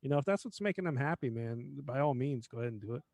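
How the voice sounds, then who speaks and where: A man's voice: medium pitch, expressive, quick pace, darkish tone, no room sound. A man co-hosting a casual internet radio show, laid-back and heavy on fillers. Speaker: co-host.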